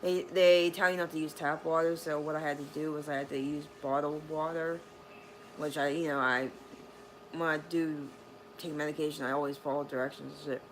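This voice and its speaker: Low-voiced woman rambling, swearing vlog story. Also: little pitch movement, brisk, slight background noise, low-quality recording. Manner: rambling, profane, lots of fillers. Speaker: vlogger. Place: bedroom at home.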